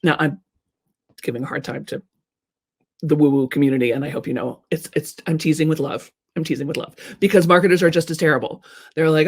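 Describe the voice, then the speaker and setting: A woman's voice: fairly low pitch, fairly quick, a little mellow. A woman coach giving a live talk to her audience, playful and teasing, often checking in with "right?" and acting out people in mock voices. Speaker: creativity and marketing coach.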